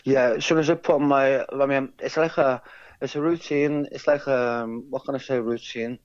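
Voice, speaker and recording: A man rambles on, stumbling over repeated words and restarting his sentences. The sound is dull and lo-fi. His pitch sits in an ordinary middle range. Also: fairly even intonation, moderate pace, a little mellow. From England. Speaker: guest, character lookalike. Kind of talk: casual interview chat.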